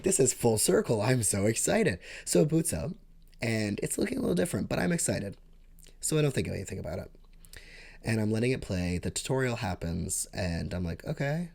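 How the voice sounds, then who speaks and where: A young man telling a rambling storytime monologue to his vlog, excitable, with sudden leaps up in pitch and loudness. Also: creaky. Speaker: vlogger.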